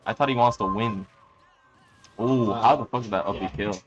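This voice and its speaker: Guy casting a fighting game, low voice, swears a lot, offhand. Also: moderate pace, muffled recording, crowd noise. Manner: crude, joking, offhand. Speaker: esports commentator. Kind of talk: casual live game commentary.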